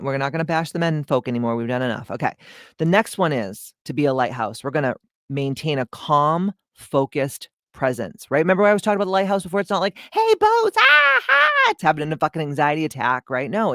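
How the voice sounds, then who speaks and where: Outspoken woman podcast host and coach, salty and lively, recorded dry. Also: rumbling low, no room sound. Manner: blunt, profane, animated storytelling. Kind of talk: casual motivational podcast monologue.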